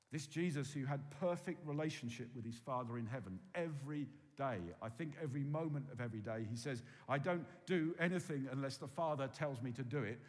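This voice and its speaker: A man preaching a sermon, swinging from loud emphasis to hushed, quiet tones. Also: medium pitch. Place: church hall with long reverb. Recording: reverberant hall.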